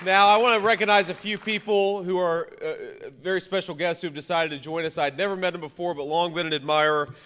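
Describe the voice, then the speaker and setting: Man, high voice, bright and forceful, campaign rally speech, repeated slogans, long reverb. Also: fairly even intonation, brisk, few pauses. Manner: punchy, repetitive slogans shouted to a crowd, frequent restarts. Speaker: vice-presidential candidate speaking at a campaign rally.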